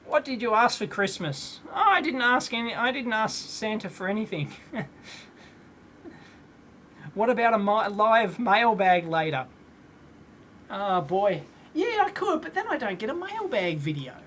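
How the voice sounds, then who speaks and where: A man in his thirties hosting a live electronics Q&A stream from a home workshop, casual and rambling, clearing his throat often. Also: high-pitched, big pitch swings, unhurried, pauses often, fairly bright tone, a little hiss or hum. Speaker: electronics video host.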